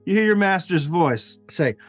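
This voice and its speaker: A man's voice: high voice, lively intonation, moderate pace, no echo, soft background music. A man narrating as game master of a tabletop game, rambling with fillers and frequent laughs.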